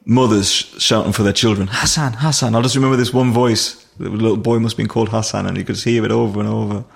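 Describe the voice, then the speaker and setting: Gravelly man. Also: fairly low pitch, steady tone. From Nottingham, England. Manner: vivid, halting retelling with restarts and dialect grammar. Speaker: guest, firefighter. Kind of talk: storytelling in an interview.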